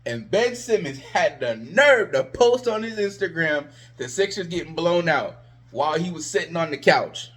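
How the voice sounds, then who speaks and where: Male sports vlogger, slightly high voice; sarcastic, exasperated ranting fan commentary. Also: lively intonation, normal speed, fairly bright tone.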